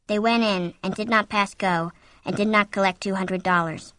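Woman reading an audiobook, bright crisp voice, dry close mic, slows down for the scary bits. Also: medium pitch, dry recording. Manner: steady storytelling, slowing for tension. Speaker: audiobook narrator. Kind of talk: scripted narration.

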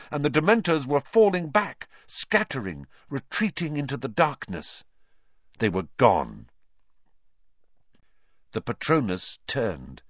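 A male audiobook narrator reads a fantasy novel with a lively, animated delivery and dramatic pauses. The sound is dry and close, slightly dull and lo-fi. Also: medium pitch, dry recording.

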